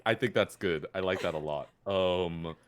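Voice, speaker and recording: A man's voice: low voice, moderate pace, clear, resonant tone. A man playing in a tabletop game, rambling and self-deprecating, often laughing. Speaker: player.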